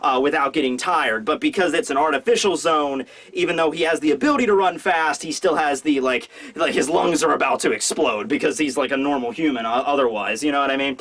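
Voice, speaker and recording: A man hosting a casual manga review who talks in an animated, rambling way with lots of fillers. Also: on the high side, fairly quick, hardly any pauses. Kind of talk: casual video commentary.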